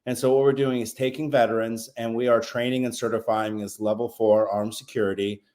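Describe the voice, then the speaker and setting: A man's voice: medium pitch, little pitch movement, brisk, darkish tone. A man who is a veteran and a podcast guest, telling stories in a loose, rambling way with plenty of swearing. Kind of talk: casual storytelling.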